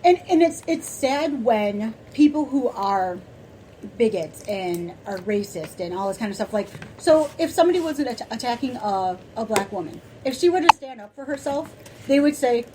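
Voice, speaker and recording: A woman with a fairly high voice talks casually on a podcast, soft-spoken and rambling, full of fillers and restarts. A faint hiss of background noise sits under her voice. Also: animated, normal speed, rough recording. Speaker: podcast co-host. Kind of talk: casual chat.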